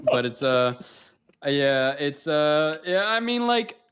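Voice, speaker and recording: A young man chatting casually as a guest, rambling and relaxed. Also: fairly high pitch, slow pace, clear, resonant tone. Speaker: podcast guest. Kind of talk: casual chat.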